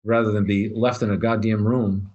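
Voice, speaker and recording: A man's voice: on the low side, flat delivery, moderate pace, darkish tone, dull audio. An older man co-hosting a podcast, talking in a blunt, opinionated way and swearing freely in casual chat. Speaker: podcast co-host.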